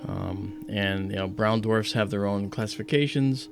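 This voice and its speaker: A man's voice: on the low side, normal speed, gravelly, soft background music. A man hosting an astronomy livestream, explaining casually with many fillers and restarts.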